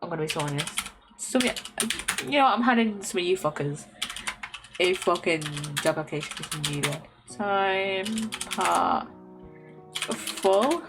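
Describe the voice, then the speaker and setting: A young woman streaming a word-guessing game, swearing constantly and thinking aloud as she tries out guesses. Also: mid-range voice. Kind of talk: casual game commentary. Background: faint lo-fi music.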